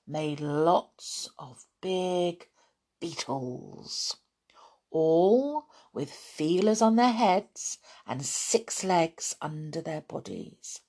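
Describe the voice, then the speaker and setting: A woman reads a children's story aloud in a slow, unhurried way. Her voice moves widely up and down with storytelling expression. She lingers on key words to build suspense. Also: deep voice, breathy edge. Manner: expressive, lively, slow and deliberate.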